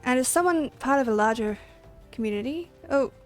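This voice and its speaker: A woman with a rather high voice chats loosely while she plays, rambling and laughing easily. Faint music runs underneath her talk. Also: lively intonation, fairly quick. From Australia. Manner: chatty, giggly and rambling. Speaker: game streamer. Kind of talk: casual livestream chat.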